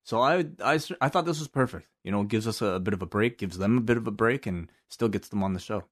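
Male podcast co-host, lower voice, halting casual delivery. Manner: hesitant, many fillers and restarts. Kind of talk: casual chat.

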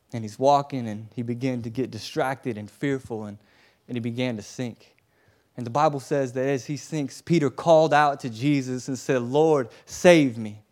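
A man preaching in a loose, conversational way, retelling the story with slangy asides and frequent restarts. His voice sits at an everyday middle pitch, neither deep nor high. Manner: animated storytelling, slangy asides, repeated stammered starts. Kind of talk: casual conversational sermon.

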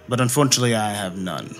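A man playing a smooth, evasive old priest. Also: on the low side, pushed and bright.

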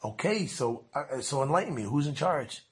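A man's voice: mid-range voice, lively intonation, normal speed, slightly rough. Man doing a meek, hesitant company boss. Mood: puzzled. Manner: soft-spoken, hesitant. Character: meek wealthy male company boss, apologetic.

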